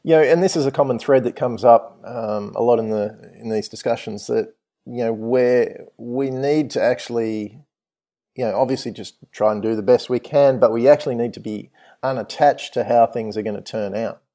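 A man talks in a relaxed, reflective way, thinking aloud with frequent hesitations. His voice sits at a medium pitch. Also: normal speed. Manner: reflective, hesitant, uses many fillers. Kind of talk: casual conversation.

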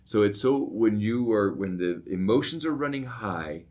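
Brief: middle-aged male co-host, deep low voice, casual storyteller, animated. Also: normal speed. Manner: storytelling, animated when recounting, often asks "right?". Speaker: podcast co-host. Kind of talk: casual conversation.

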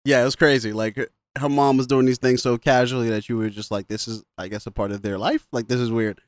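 A man's voice: medium pitch, fairly even intonation, fast, no echo. A man casually recapping a film on a podcast, laughing often and quoting the characters as he goes. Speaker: podcast co-host. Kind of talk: casual movie recap chat.

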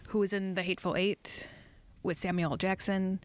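A player in a casual podcast game, excitable and quick to swear. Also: mid-range voice, clean tone. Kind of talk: casual chat.

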